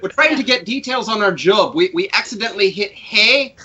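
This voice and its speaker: A player in a tabletop game, trading quick jokes with the others. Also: mid-range voice, expressive, bright, forceful tone, muffled recording. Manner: joking, quick retorts.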